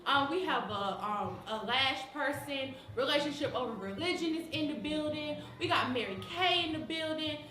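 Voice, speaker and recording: A bright-voiced woman hosts a church event livestream. She greets arrivals with excited, sing-song calls. Her voice rings in an echoey room. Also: high voice, normal speed, hardly any pauses. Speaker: event host. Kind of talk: lively livestream hosting. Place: busy church event venue.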